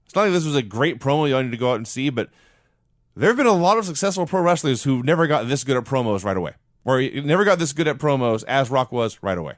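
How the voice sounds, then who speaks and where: A man's voice: mid-range voice, sing-song, quick pace, no room sound, clean studio sound. A man co-hosting a podcast, recapping an old wrestling show in a wry, storytelling way. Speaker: podcast co-host. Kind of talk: casual wrestling recap chat.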